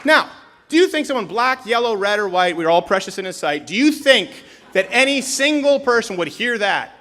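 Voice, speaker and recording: This young Canadian man performs a comedic political speech live, full of sarcasm and energy, now and then breaking into a shout. His voice is high, his pace moderate, and a crowd can be faintly heard.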